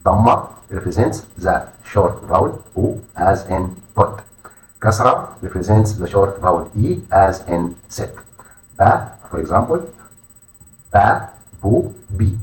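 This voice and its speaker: Slow, low-voiced man teaching letters. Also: lively intonation. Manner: slow, deliberate, repeats each letter name twice. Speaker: language teacher. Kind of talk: instructional lesson narration. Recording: echoey room, voice far from mic.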